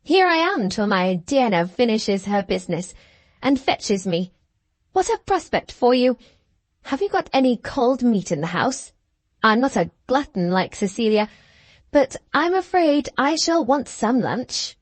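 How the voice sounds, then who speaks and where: A woman's voice: a little high, sing-song, measured pace, no echo. A woman voicing a hard, bitter young schoolgirl who talks with satirical scorn in an audiobook. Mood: mocking. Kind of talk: audiobook character reading.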